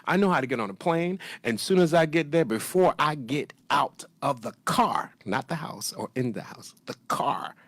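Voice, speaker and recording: A man's voice: fairly high pitch, moderate pace, hardly any pauses, dry recording. A man co-hosting a casual chat show, bold and teasing as he tells stories. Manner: animated, bold, teasing storyteller. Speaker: podcast co-host.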